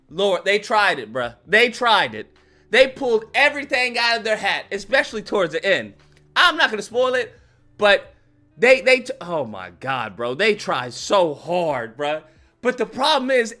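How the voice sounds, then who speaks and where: A man ranting comically about a movie as a YouTube host, slangy and animated, acting out scenes. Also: sits high. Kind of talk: comedic movie rant.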